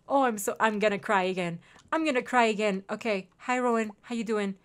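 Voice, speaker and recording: A young adult woman streaming a game, chatting to her viewers in an excitable, casual way. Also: mid-range voice, normal speed. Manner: excitable, chatty, says "dude". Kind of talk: casual livestream commentary.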